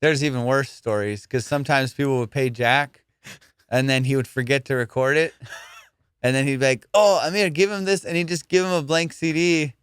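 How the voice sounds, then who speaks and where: Smooth-voiced man hosting a comedy podcast. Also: mid-range voice, fairly quick, fairly bright tone, no room sound. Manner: profane, storytelling, teasing. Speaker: podcast host. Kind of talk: casual comedy podcast chat.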